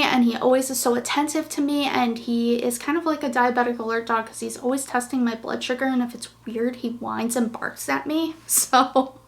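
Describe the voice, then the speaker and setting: A woman hosting a knitting podcast, chatting casually and gushing, with lots of fillers. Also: sits high. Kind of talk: casual chat.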